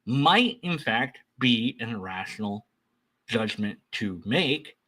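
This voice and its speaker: A man's voice: medium pitch, sing-song, slow, pushed and bright, poor audio. A man giving casual reaction commentary, rambling with many restarts and asides.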